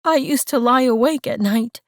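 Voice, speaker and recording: Narrator lady doing a young woman on the edge of tears, higher and pleading, dry close sound. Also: lively intonation, extremely slow, darkish tone, no room sound, distant mic, full character voice. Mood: tearful. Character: young woman, grieving and overwhelmed.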